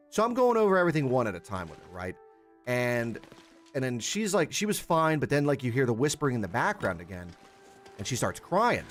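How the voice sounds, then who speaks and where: A young man streaming a survival game, chatting casually with his viewers, rambling and swearing a lot and greeting chatters by name. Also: medium pitch. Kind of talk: casual gaming livestream chat.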